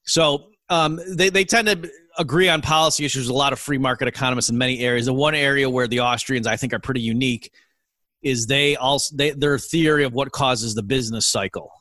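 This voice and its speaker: A man's voice: mid-range voice, fairly quick, pushed and bright, dry recording. A middle-aged man, an economist guest in an interview, explaining his field in an earnest, lecturing way. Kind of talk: interview answers.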